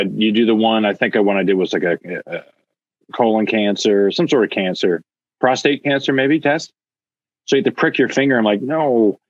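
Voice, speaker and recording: A man with a low, husky voice chats casually on a podcast, telling stories and acting out the lines of the people in them. The sound is dry and a little dull. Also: no echo. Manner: jokey storyteller, acts out quoted voices. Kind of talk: casual chat.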